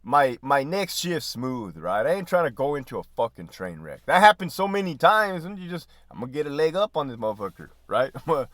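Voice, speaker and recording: Profane, animated storyteller man. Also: medium pitch, a little fast, hardly any pauses, dry recording, clean studio sound. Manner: profane, animated storytelling with laughs and quoted dialogue. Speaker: podcast host, former prison officer. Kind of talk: casual storytelling.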